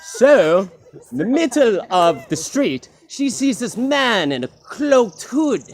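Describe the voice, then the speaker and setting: A man's voice: high voice, very animated, takes it slowly. A young man telling a rambling, improvised comic story at a talent show, with many fillers.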